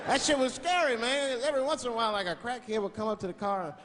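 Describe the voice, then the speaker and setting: A man's voice: very high-pitched, fast talker. A male stand-up comedian telling a profane story in a loose, rambling way, acting out quotes, recorded live on stage. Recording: live show with loud audience noise.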